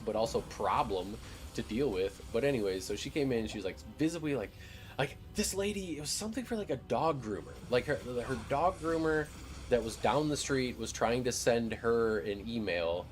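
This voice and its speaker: A young man streaming a game, telling a profane, ranting story in casual chat. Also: mid-range voice.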